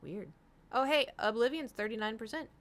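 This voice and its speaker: Chatting from home on a stream, a young woman rambles casually to her audience with the occasional swear word. She speaks at a moderate pace in a fairly high voice.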